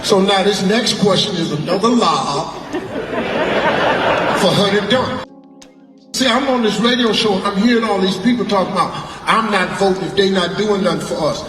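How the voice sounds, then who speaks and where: A man, a radio host, speaks punchy and folksy in a high voice. He is heard from far off in a long-echoing hall. A loud crowd and noise sit under him. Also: normal speed, pauses often, music in the background. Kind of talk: live onstage talk.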